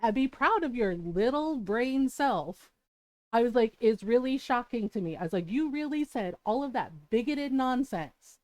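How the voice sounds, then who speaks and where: A woman's voice: on the high side, expressive, normal speed, darkish tone, no room sound. A young adult woman streamer telling a story in a casual, blunt way, swearing freely and laughing between lines.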